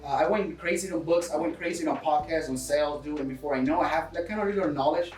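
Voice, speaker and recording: A man's voice: fairly high pitch, quick pace, a little mellow, roomy sound, recorded from a distance, faint music behind, rough recording. A man with a foreign accent, English not his first language, talking energetically in a casual interview and coaching listeners, often calling people dude and bro. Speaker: real estate investor guest.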